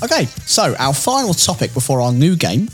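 A man co-hosting a casual podcast chat, jokey and quick to laugh. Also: fairly high pitch, sing-song, over music. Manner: jokey, laughs often, slips into silly voices. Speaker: podcast co-host.

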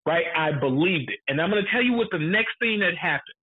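Man, higher voice, emphatic casual film-talk co-host; tinny phone-quality audio. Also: expressive, fast talker, husky. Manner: emphatic, repeats points for effect, swears freely.

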